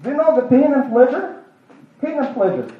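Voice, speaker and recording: A man delivers an interactive sermon, throwing questions at the room and answering them himself. His voice is high and leaps up and down in pitch. He sounds distant and muffled, with heavy echo from a large hall. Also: sing-song, brisk. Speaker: preacher. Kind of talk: interactive sermon to a live audience. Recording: echoey hall, distant dull mic.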